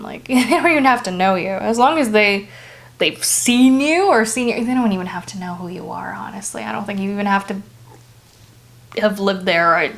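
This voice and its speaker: A young woman from Brazil tells family ghost stories in a loose, chatty way, peppering her sentences with fillers. Her voice sits at an ordinary middle pitch, and she retells scenes with animated energy. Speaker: storyteller, channel host. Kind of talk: casual spoken ghost storytelling.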